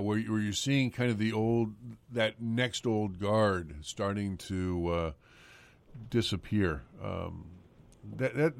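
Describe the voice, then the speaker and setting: Male radio host, deep, halting and casual, dry close mic. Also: dry recording. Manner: halting, many fillers and restarts.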